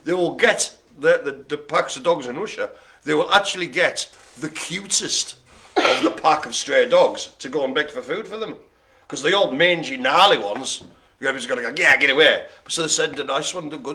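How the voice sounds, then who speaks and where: A man's voice: a little high, fairly quick, bright, forceful tone. A man calling bingo as host, joking and laughing through playful banter. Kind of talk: jokey live bingo calling.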